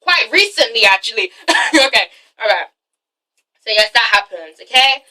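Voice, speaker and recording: A woman's voice: fairly high pitch, moderate pace, distant mic. A woman giving a casual, profane, laughing recap of a TV episode. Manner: animated, profane, laughing often. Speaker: TV show reviewer.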